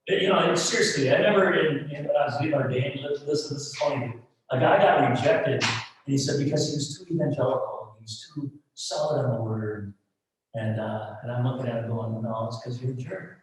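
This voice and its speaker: A middle-aged male pastor preaching a sermon in a church, talking frankly and conversationally, dropping to soft asides and rising to loud emphatic peaks. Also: mid-range voice, brisk. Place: church sanctuary. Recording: roomy echo, mic at a distance.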